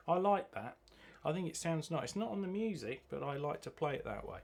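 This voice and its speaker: Man, drum teacher, chants rhythms, slightly high voice, loud drum kit behind. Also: sing-song, fairly quick, gravelly, few pauses, over loud music. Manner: chants rhythm words while demonstrating. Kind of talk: drum lesson tutorial. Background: drum kit playing.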